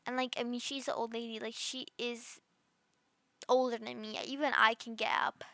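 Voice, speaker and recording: A woman's voice: a little high, little pitch movement, moderate pace, a bit bright, no echo. A woman voicing a rude, bratty girl under ten who rambles smugly through her story with constant fillers. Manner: smug, gleeful. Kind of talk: voice role-play storytime.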